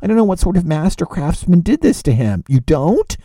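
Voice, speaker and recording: A man lecturing on literature, animated, asking rhetorical questions and repeating phrases for emphasis. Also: high-pitched, fairly quick, no echo.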